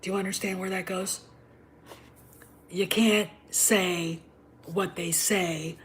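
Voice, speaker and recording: A middle-aged woman hosting a livestream, talking in an emphatic, combative way and often dropping to a low whisper. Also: fairly even intonation, slow pace, pauses often, fairly bright tone, slight background noise. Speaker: show host. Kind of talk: opinionated livestream monologue.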